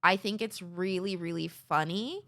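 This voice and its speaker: Bright-voiced young woman streamer, laughing. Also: lowish voice, a little slow. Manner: rambling, laughing, swearing, self-mocking. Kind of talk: casual chat with chat.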